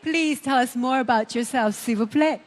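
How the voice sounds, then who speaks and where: A woman's voice: high voice, normal speed, big-room sound. A woman hosting a live pageant on stage, upbeat and teasing with the contestants. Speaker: pageant host. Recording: live show with music and crowd.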